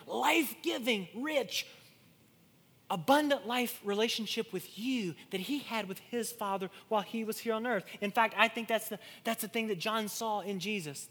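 A man preaching a sermon, swinging between loud declarations and hushed, intimate lines, often repeating and restarting words. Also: sits high. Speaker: pastor. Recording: long hall reverb.

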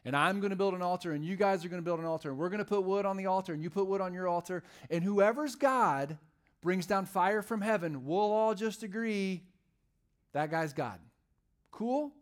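A man's voice: high voice, normal speed, pitched above the performer's own voice, lightly acted. A man voicing a brash male prophet in a casual, trash-talking way during a sermon. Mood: cocky. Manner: breezy modern trash-talk. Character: brash, cocky male prophet issuing a challenge.

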